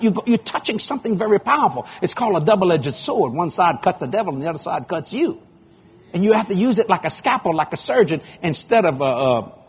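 A man's voice: high-pitched, lo-fi sound, a little hiss or hum. An older man preaching a sermon in a folksy, dramatic storytelling way.

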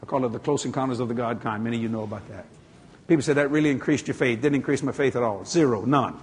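A man's voice: medium pitch, racing. A man with a Cajun accent preaching a folksy sermon, acting out dialogue as he goes. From Louisiana. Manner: folksy, animated, acts out dialogue. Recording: long hall reverb, faint noise.

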